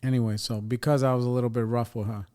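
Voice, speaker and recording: A man hosting a podcast, telling a rambling story in a casual, profane, animated way. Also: medium pitch, fast talker. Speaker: podcast host.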